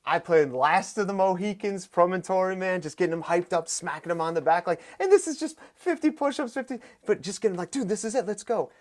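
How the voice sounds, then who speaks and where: A young adult man, a fitness coach, telling stories in casual podcast talk, getting animated and loud as he gets excited. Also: high-pitched, fairly quick, few pauses. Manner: animated, voice rises sharply when excited. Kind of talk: casual storytelling.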